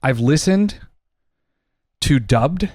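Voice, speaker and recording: A man co-hosting a podcast, delivering a heated, profane opinion rant, loud and emphatic. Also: on the high side, expressive, very slow, dry recording, studio quality. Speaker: podcast co-host.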